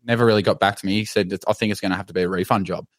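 Australian man, low voice, dry sound, animated swearing storyteller, podcast co-host. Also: racing, no room sound. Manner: animated, swears freely, laughs through his story. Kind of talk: casual storytelling.

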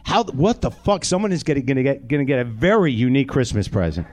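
A man's voice: mid-range voice, sing-song, fast talker, a little mellow. A man hosting a live comedy show, doing a profane, self-deprecating stand-up rant straight to the audience from a theater stage. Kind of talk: stand-up monologue.

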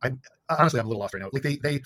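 A man's voice: medium pitch, lively intonation, racing, fairly bright tone. A man co-hosting a podcast, recapping a movie in casual chat, rambling with lots of fillers and acting out quotes in silly voices. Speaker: podcast co-host.

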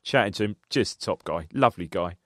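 A man's voice: deep voice, expressive, fairly quick, dry recording, clean studio sound. A man co-hosting a podcast, rambling through a football anecdote in a loose, chatty way. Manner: rambling anecdotal storyteller, laughs at own story. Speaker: podcast co-host. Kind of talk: casual football chat.

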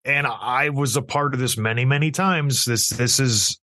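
A man's voice: medium pitch, moderate pace, no room sound. A man who used to play pro hockey, talking bluntly and casually about a team and acting out what players would say. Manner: blunt, animated, acts out players' voices. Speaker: hockey analyst, former player. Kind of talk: casual sports talk.

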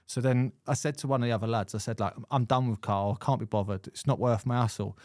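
A man hosts a podcast and banters in a matey way, often laughing as he talks. His voice is middle-pitched, recorded close and dry. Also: fairly even intonation, quick pace, darkish tone, no room sound. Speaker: podcast host. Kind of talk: casual podcast chat.

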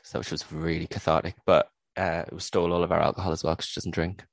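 A man from Newcastle, England co-hosting a podcast, chatting casually and telling lively stories in which he acts out what people said in changed voices. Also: low-pitched, quick pace, creaky, no room sound. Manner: animated storyteller who acts out quotes in changed voices. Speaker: podcast co-host. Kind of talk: casual chat.

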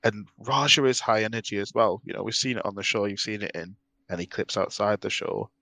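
A man's voice: on the low side, steady tone, brisk, gravelly, bright, forceful tone, dry recording. A man co-hosting a podcast in casual chat, chatty, teasing and enthusiastic. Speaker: podcast co-host.

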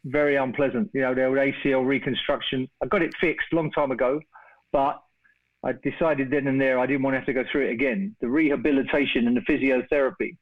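A middle-aged English man spins a long, animated anecdote and slips into the voices of the people in his story. His voice comes through a narrow, tinny phone line. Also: mid-range voice, fast. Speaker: guest storyteller. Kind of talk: casual anecdote on a phone call.

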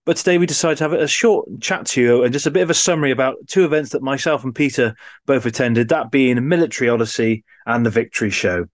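A man's voice: mid-range voice, fast, dry recording. A man co-hosting a podcast in casual, rambling chat with frequent restarts. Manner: chatty, rambling, with restarts and laughs. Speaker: podcast co-host.

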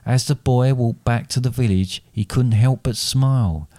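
A man reading his own dark fairy tale aloud as a storyteller, with steady, deliberate narration, then chatting with his co-host. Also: mid-range voice, no room sound, studio quality.

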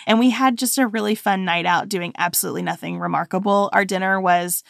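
A woman's voice: mid-range voice, steady tone, fairly quick, creaky, dry recording, studio quality. A woman co-hosting a podcast, chatting casually and telling stories in a conversational way. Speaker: podcast co-host. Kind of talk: casual chat.

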